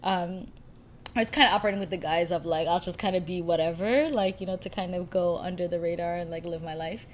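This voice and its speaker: A young woman, hosting a podcast and telling a story in a casual, rambling, animated way. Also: on the low side, quick pace, slight background noise. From United States. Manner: rambling, animated, filler-heavy. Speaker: podcast host.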